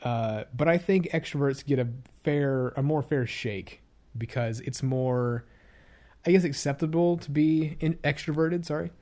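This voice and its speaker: A young YouTuber rambles through a casual, reflective vlog monologue on his channel, hesitant and candid, often restarting sentences and being hard on himself. His voice is fairly high, unhurried, and warm.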